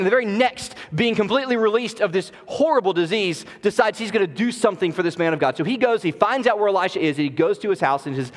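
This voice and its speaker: A pastor with a fairly high voice preaches an earnest, conversational sermon. He is recorded in a church sanctuary, and a long reverb trails his words.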